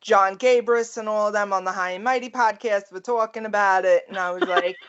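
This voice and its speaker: Speaking fairly quickly in a smooth, medium-pitched voice, this middle-aged woman from New York chats casually as a podcast co-host. Her thick Queens, Long Island accent comes through as she laughs, rants and stays animated, all on lo-fi audio.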